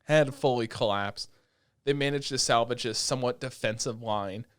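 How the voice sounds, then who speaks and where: A man co-hosting a casual anime podcast, excitable and profane, retelling scenes with animated energy. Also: mid-range voice, normal speed, smooth, no echo, studio quality. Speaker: podcast co-host.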